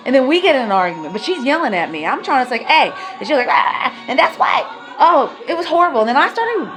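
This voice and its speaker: A woman with a high, bright voice talks quickly, her pitch swinging widely, while music plays behind her. In this emotional personal vlog rant she airs her grievances in a heated, confrontational way, swearing as her intensity rises and falls.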